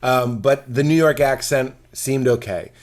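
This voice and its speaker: In a relaxed podcast chat, a comedian man talks in a mid-pitched voice. He is animated and playful and breaks into goofy voices to make his point. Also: a little slow. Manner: animated, jumps into silly character voices. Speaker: comedian guest.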